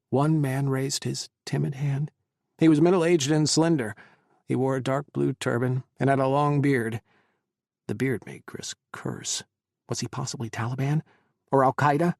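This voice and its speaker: A man reading an audiobook in measured, dramatic storytelling narration. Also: mid-range voice, vocal fry, dry recording, clean studio sound.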